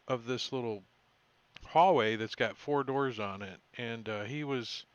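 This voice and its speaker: A man running a tabletop game as game master, recapping the session in a halting way with many fillers and self-corrections. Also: mid-range voice, clean tone, no echo, muffled recording.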